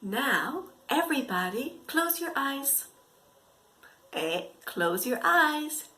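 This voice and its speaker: A woman teaching to preschool children through a story, speaking in an exaggerated, expressive way with gasps and whispered asides. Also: high-pitched, slow pace. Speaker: English teacher for young children.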